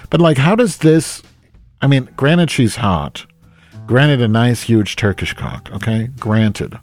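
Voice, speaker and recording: A man streaming live, rambling and swearing as he reacts to his viewers, jumping between loud outbursts and low mutters. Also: lively intonation, takes it slowly, soft background music. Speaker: livestreamer reading chat.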